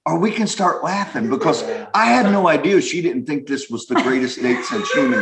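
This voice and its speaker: A middle-aged man pastor preaching, playful and animated, trading jokes with his wife in front of the church. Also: on the high side, moderate pace, creaky, hardly any pauses, crowd noise. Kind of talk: sermon with banter. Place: church sanctuary. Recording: echoey church room.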